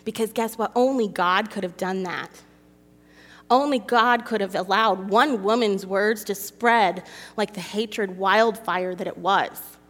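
A woman's voice: mid-range voice, unhurried. Woman preaching her own story to the ladies, emotional, big reverby hall. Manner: emotional, confessional, reads scripture aloud. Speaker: women's ministry speaker. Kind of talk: personal testimony sermon.

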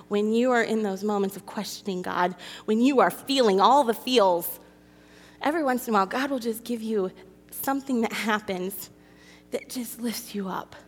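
A woman's voice: medium pitch, fairly bright tone, husky. Woman giving an emotional testimony sermon. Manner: emotional, confessional, reads scripture aloud. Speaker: women's ministry speaker. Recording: long hall reverb.

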